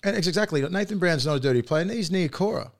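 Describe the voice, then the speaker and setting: A man's voice: high voice, animated, fast talker. A man with an Australian accent, co-hosting a casual podcast chat and ranting heatedly with plenty of swearing. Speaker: co-host.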